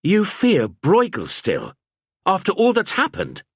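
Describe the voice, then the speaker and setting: A man's voice: high voice, wildly swooping pitch, slow pace, fairly bright tone, husky, no room sound, studio quality, pitched above the performer's own voice, heavily acted. A male narrator voicing an injured young knight who speaks pleadingly and earnestly.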